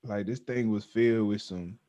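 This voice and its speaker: A man's voice: fairly low pitch, fairly even intonation, normal speed, warm tone, lo-fi sound. A man co-hosting a podcast, talking in a loose, joking, slang-heavy way. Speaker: podcast co-host. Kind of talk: casual chat.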